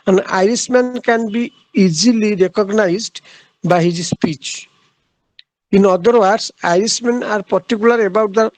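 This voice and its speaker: A man lectures on literature in a high-pitched voice with a rough, gravelly edge. He works through his points haltingly, filling gaps with "uh" and restating each idea. The sound is close and dry, with no room echo. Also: a little mellow. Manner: halting, repeats key phrases, frequent "uh" pauses. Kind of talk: classroom lecture.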